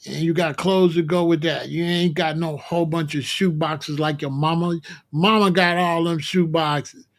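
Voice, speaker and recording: A man hosting his own channel, delivering a loud, profane, mocking comic rant in slangy streetwise talk. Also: fairly high pitch, fairly even intonation, moderate pace. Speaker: commentary host. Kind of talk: comedic rant.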